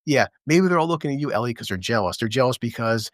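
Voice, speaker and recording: Brief: male reviewer, mid-pitched, crude and sarcastic, dry close sound, casual rant. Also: animated, no room sound. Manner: impersonates characters in quick asides. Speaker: TV show reviewer.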